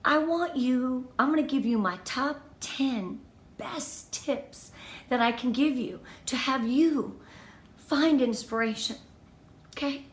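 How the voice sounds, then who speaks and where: A woman's voice: high voice, takes it slowly. A woman in her fifties from Southern California, giving an effusive, emotional motivational talk as a team leader on a live video stream. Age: 50s. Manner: bubbly, effusive, emotional and lively. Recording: echoey room.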